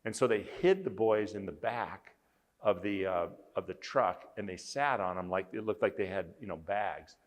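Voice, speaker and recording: A man's voice: lowish voice, moderate pace, long reverb tail. A man speaking as a conference speaker, earnestly telling a story with emphasis. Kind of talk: storytelling talk.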